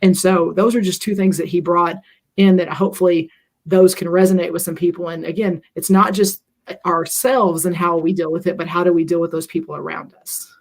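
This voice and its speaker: Middle-aged co-host, mid pitch, rambling and earnest, pokes fun at themself. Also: little pitch movement, brisk, vocal fry. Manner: earnest, self-deprecating, rambling with fillers. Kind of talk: reflective conversational talk.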